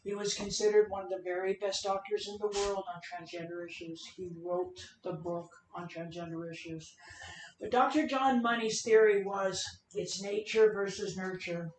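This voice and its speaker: A woman's voice: mid-range voice, distant mic. A middle-aged woman tells her own story in an earnest, emphatic way and acts out the voices of the people she quotes. She is speaking on a video call, so her voice comes from a little way off the mic and sits in a roomy space, with a faint hum of ambience behind her. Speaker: transgender advocate speaker. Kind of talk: personal storytelling talk.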